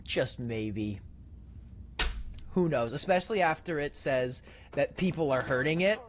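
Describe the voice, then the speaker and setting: A man's voice: a little high, expressive, unhurried, a little hiss or hum. A man giving ranting let's-play commentary, sarcastic and exasperated, swearing freely. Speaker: gaming commentator.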